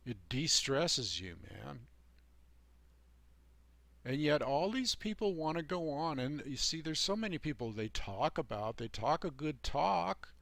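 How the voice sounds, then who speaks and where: A man with a rough, gravelly voice lectures his viewers in a rambling, preachy monologue. He is emphatic and folksy, throws in sarcastic asides, and his words land close and dry with no room sound. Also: on the high side, sing-song, unhurried, a bit bright, no echo. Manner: emphatic and folksy, heavy on "you know" and "man". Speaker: channel host giving life advice.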